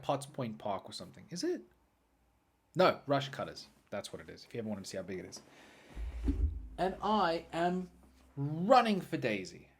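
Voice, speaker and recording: A podcast host with a mid-range voice tells a story casually and animatedly. He swings between loud, excited bursts and quiet muttering.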